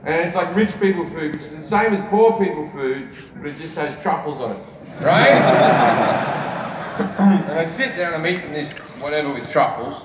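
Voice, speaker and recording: A male comedian spinning a long, profane anecdote with a storyteller's punchline timing. His voice is on the high side and sits back from the mic. The big room rings with echo under loud crowd laughter. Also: lively intonation, normal speed, heavy background noise. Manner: swearing, conversational storytelling with punchline rhythm. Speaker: stand-up comedian. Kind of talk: live stand-up storytelling. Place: large indoor arena on stage. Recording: distant, echoey arena with loud crowd laughter.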